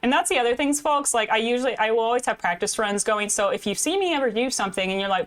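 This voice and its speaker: A young woman from the American Midwest with a slightly Canadian-leaning Midwestern accent, chatting casually with her live viewers as a game streamer into a desk mic, self-deprecating and quick to laugh. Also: a little high, lively intonation, a bit bright. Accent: Midwestern American with a slight Canadian lean. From Midwest United States. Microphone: desk microphone.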